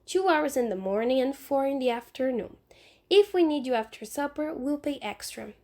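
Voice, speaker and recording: A woman's voice: sits high, animated, normal speed, warm tone. A woman reading aloud and voicing a mother who speaks in a mild, matter-of-fact way. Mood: calm. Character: calm practical mother of two boys.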